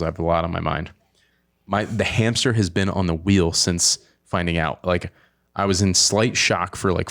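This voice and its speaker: A man in his thirties with a very low voice hosts a podcast in casual conversation. He rambles from thought to thought with eager, animated energy, speaking into a podcast microphone. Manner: excitable, rambling, animated storytelling. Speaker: podcast host. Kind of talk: casual chat.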